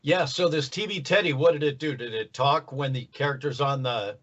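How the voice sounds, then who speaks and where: A man being interviewed about his voice work, telling stories in a relaxed, self-deprecating way. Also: mid-range voice, moderate pace, dull audio. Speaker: voice actor guest. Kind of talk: casual interview.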